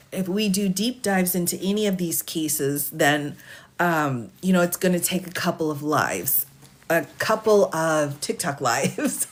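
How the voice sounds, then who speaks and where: A woman attorney on a live stream, reading a legal filing aloud and chatting with her viewers, her voice cracking a little. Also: lowish voice. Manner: reads formal text steadily, then chats warmly with viewers. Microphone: phone or desk mic for a live stream.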